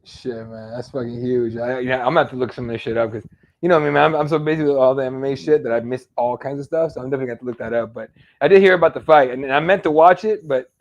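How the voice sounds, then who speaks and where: Fast-talking slangy man, dull lo-fi sound. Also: medium pitch. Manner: laid-back, slangy, swears casually. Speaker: podcast co-host. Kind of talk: casual chat.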